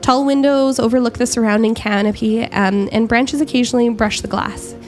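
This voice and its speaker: Lady gm narrating a tabletop game, lots of ums, pausing to correct herself. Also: a little high, fairly even intonation, faint music behind. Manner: descriptive, with frequent ums and self-corrections. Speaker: game master.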